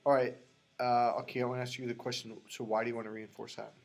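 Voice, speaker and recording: A chatty man hosts a casual vlog interview at an everyday middle pitch. He is laid-back and asks quick, short questions. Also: flat delivery, vocal fry, darkish tone. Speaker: host.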